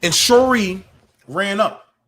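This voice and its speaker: High-voiced man telling a raw, profane story. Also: animated, a bit bright. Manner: halting, profane, with restarts. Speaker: military veteran caller. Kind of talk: emotional first-person storytelling.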